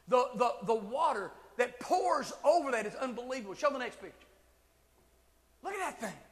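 High-voiced preacher in a reverberant hall. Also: male voice, a little fast, pauses often. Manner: animated storytelling, rising to shouted emphasis. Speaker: pastor. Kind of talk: sermon.

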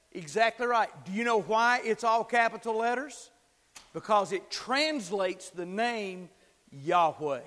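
A male pastor preaching a sermon, swinging from hushed whispers to loud, rising shouts and calling on the congregation to repeat after him. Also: high voice. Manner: dynamic preaching, drops to whispers and builds to shouts. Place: church sanctuary. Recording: long hall reverb.

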